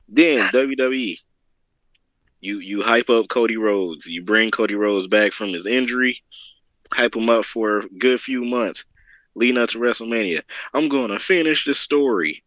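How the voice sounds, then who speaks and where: A man's voice: fairly low pitch, fairly bright tone, no echo, rough recording. A man co-hosting a wrestling chat, ranting and repeating himself as he talks. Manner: repetitive, stammering, ranting. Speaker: wrestling podcast co-host. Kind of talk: casual chat.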